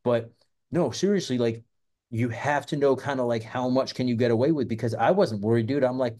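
Brief: easygoing male host, loose and profane, a warm, relaxed voice. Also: medium pitch, brisk. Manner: rambling, profane, filler-heavy. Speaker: self-defense channel host. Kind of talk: casual monologue.

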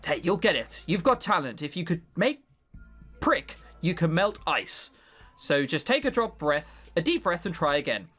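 A man voicing a steady, reassuring young woman companion in a calm, low-key way. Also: moderate pace, faint music behind, heavily acted. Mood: encouraging. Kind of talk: let's play voice acting.

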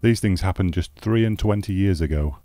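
Brief: man playing a low, dark-voiced embittered old scholar for an audiobook, declamatory. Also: no room sound, studio quality, natural voice. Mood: bitter. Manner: measured, declamatory. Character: bitter aging male scholar, eloquent recluse. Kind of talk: audiobook character reading.

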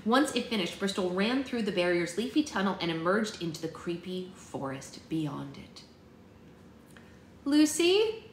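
A woman's voice: fairly low pitch, moderate pace, few pauses, echoey room, a little hiss or hum, low-quality recording. Woman reading a children's story aloud. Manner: steady, plain storytelling with small slips. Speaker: book club host reading aloud. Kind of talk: children's book read-aloud narration.

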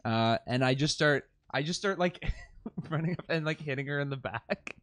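A man playing a tabletop game, chatting about his moves in an animated, chuckling way. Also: on the high side, normal speed, dry recording. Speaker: player. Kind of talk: casual tabletop game chat.

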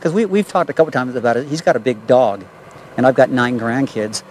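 An older man talks fast outdoors on a residential street, telling a detective how he was attacked. He stumbles and repeats words, slipping into quoting the other people involved. His pitch sits in a middle range. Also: a little mellow, a little hiss or hum, rough recording. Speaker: assault victim. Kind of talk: recounting events to police.

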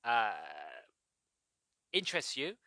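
Uk guy chatting on his podcast, bright voice, keeps correcting himself, dry close sound. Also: medium pitch, animated, takes it slowly, dry recording. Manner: rambling, self-correcting, chuckles at himself. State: recovering from a cold. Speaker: podcast host. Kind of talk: casual solo podcast chat.

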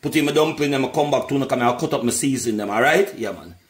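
In a casual cooking vlog, a man with a Jamaican accent talks to viewers as he prepares and presents food, often greeting them as "my people." He speaks quickly in a mid-range voice, and the sound is roomy.

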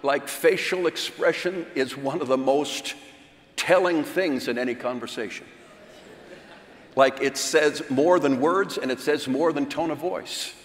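A man giving a seminar talk at a church conference, speaking slowly and with self-deprecating humor. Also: on the high side. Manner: slow, unhurried delivery; self-deprecating, chuckles between points. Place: large hall at a church conference. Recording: echoey hall with long reverb.

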